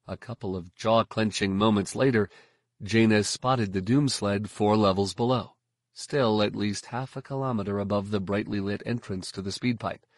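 A man reading scripted audiobook narration in a steady, even storytelling manner. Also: fairly low pitch, normal speed, dry recording, studio quality.

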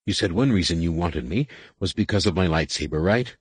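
A man's voice: sits low, animated, brisk, breathy edge, dry recording. A man voicing a tense young male Jedi in disguise, speaking urgently.

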